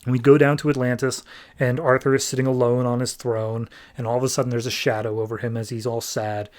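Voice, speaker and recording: A man's voice: medium pitch, level tone, fast talker, darkish tone. A man hosting a podcast, recapping a comic book in a chatty, rambling way with fillers. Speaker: podcast host.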